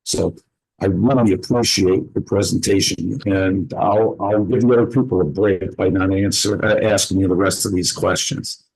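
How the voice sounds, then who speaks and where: Lowish gravelly man, husky edge, earnest reflective sharer in group chat. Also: steady tone, a little mellow, low-quality recording. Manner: earnest, reflective, pausing to gather his words. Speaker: participant sharing a personal story. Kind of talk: heartfelt personal sharing in a group conversation.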